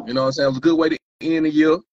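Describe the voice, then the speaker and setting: A man's voice: on the high side, little pitch movement, very fast, a little mellow, no echo, muffled recording. A man co-hosting a casual chat reviewing rap battles, loose and slangy, cutting in on his partner. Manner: loose, slangy, talks over his co-host.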